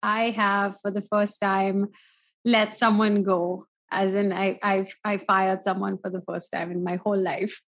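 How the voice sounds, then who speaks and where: A woman co-hosting a podcast in casual chat, candid and quick to laugh. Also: medium pitch, little pitch movement, fairly bright tone. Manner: chatty, laughs easily, candid. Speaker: podcast co-host.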